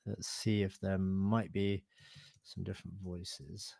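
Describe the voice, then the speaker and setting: A man presenting a live online software demo, thinking aloud in a relaxed, hesitant way with fillers and self-corrections. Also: deep voice, slow pace, gravelly, dry recording. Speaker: webinar presenter.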